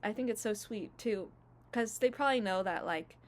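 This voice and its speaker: A woman's voice: mid-range voice, normal speed. A woman in her twenties recapping casually for her vlog, gushing and emotional, full of fillers. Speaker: YouTuber.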